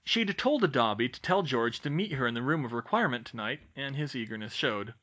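A man reading a fan fiction audiobook aloud in steady storytelling narration. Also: brisk, muffled recording. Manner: steady storytelling, lively pitch. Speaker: audiobook reader.

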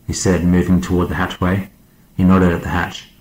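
Man, very low voice, audiobook narration, measured steady reading. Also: reverberant, low-quality recording. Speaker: guest narrator.

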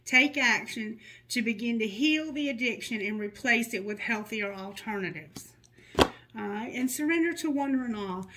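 Soothing higher-voiced woman reading tarot. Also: lively intonation, normal speed, pushed and bright, a little hiss or hum, poor audio. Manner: reads card messages aloud in a soothing, guiding tone; candid and joking, with blunt asides. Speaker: tarot reader.

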